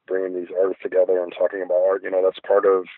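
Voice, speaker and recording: A man's voice: sits low, completely flat delivery, racing, no echo. A middle-aged man, a guest artist, chatting in a reflective, rambling way with many fillers. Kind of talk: casual interview chat. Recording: phone-like dry line.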